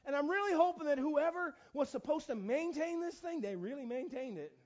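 High-voiced animated middle-aged preacher. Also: male voice, brisk. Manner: animated, self-mocking, lots of restarts and fillers. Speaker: pastor. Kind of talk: storytelling sermon. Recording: dull lo-fi recording.

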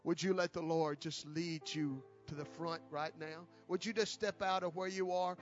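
A man preaching an altar call sermon, repeating pleading invitations, swelling loud and then dropping soft. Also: high-pitched, muffled recording. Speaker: guest preacher.

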